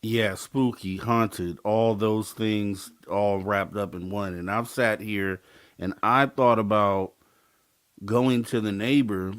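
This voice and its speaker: A man hosting a podcast, chatting in a relaxed way and answering his guest in short, agreeable remarks. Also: on the low side, takes it slowly, slight background noise. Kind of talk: casual chat.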